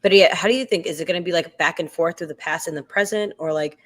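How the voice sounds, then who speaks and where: Low-voiced chatty woman. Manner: chatty, lots of fillers and quick restarts. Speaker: co-host. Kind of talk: casual chat.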